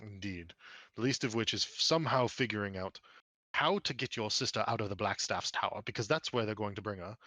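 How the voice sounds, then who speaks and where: A man voicing a stern, formal noble father who speaks in a measured, blunt way. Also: on the low side, sharp tone, dry recording.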